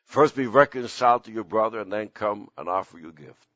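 An older man, a pastor, preaching an impassioned sermon whose pitch climbs suddenly at its peaks. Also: expressive, a little fast, a bit bright, dry recording, dull audio.

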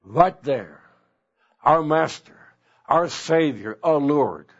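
Older guy preaching slow, husky voice, muffled lo-fi sound. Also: on the high side, expressive. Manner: slow, emotional preaching with soft drops. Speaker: pastor. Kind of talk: sermon. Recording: dull lo-fi recording.

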